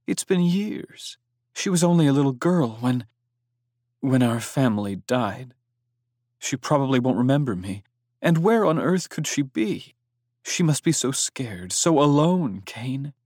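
A man voicing a gentle young woman who pleads softly through tears, in a storybook reading. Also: fairly high pitch, expressive, moderate pace, hardly any pauses, husky, no room sound, clean studio sound, voice pushed up. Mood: tearful. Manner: soft, pleading, tearful.

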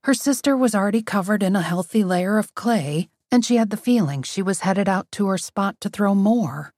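Wry, lively audiobook narrator woman. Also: mid-range voice, normal speed, dry recording, studio quality. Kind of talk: scripted narration.

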